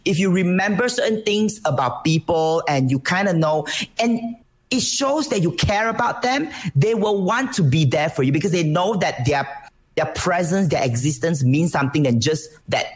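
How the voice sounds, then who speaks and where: A woman from Malaysia with a Malaysian accent, a streamer chatting casually in an interview, animated and full of restarts. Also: fairly low pitch, normal speed. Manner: animated, lively delivery with frequent restarts. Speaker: Twitch streamer, guest.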